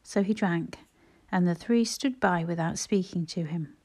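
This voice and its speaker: Brief: woman narrator, mellow and warm, measured audiobook reading. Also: fairly low pitch.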